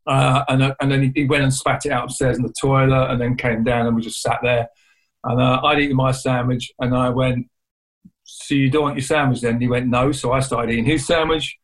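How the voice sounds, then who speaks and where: A man's voice: medium pitch, level tone, rough recording. A man who is a guest telling a painful story in a conversational way, often restarting his sentences. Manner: rambling, halting retelling with many restarts.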